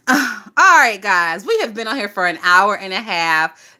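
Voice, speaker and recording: A woman hosting a casual gossip livestream, talking in a lively, profane way and laughing often. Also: mid-range voice, slow. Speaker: livestream host.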